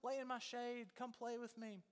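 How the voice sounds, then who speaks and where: A man voicing a gentle, loving female tree who gives everything, in a high, soft, sweet voice. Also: level tone, normal speed, clean tone. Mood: eager. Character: gentle loving motherly tree, endlessly giving. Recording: long church reverb.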